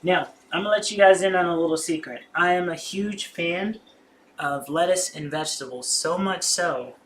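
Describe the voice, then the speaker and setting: A young adult livestream host who chats casually and excitably while cooking in a home kitchen. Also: medium pitch, moderate pace, noisy background. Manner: excitable, chatty, slangy.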